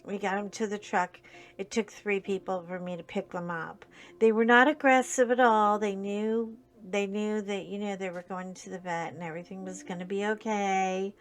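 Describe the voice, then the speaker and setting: A woman chatting casually while she crafts, telling a long story in a rambling, animated way, full of fillers and restarts. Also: medium pitch, normal speed. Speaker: crafting channel host.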